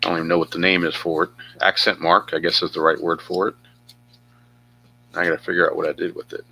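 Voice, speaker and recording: A man's voice: low-pitched, fairly even intonation, fast, gravelly, sharp tone, a little hiss or hum. A man narrating his own tabletop baseball game play by play, chatty and thinking aloud with asides.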